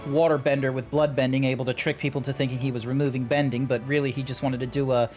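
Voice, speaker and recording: A man's voice: mid-range voice, little pitch movement, fast, a little mellow, soft background music. A man streaming a game and chatting casually with friends, rambling, swearing and laughing easily. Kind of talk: casual chat while gaming.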